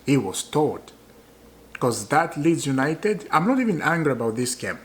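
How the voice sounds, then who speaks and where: In a casual vlog, a man vents as an annoyed football fan, hammering his points home through repetition and rhetorical questions to viewers while chuckling often. His voice is fairly high and fairly bright, swinging widely in pitch at a normal speed.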